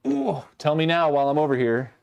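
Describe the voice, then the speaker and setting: Male streamer, casual chat, lively pitch swings, exasperated mock-rants. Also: fairly quick, vocal fry, smooth, highs cut off.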